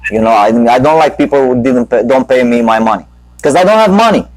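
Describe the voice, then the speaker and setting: A man's voice: medium pitch, lively intonation, a little fast, a little mellow, no room sound, poor audio. A man hosting a live talk show, telling a long rambling anecdote full of profanity and restarts. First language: Romanian. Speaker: talk show host and comedian.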